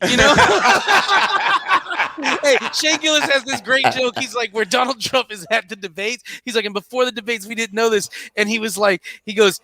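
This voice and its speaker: A man's voice: very high-pitched, brisk, no echo. A man co-hosting a comedy radio show, trading jokes in casual banter and acting out bits in voices. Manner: animated, acts out jokes in voices. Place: radio studio.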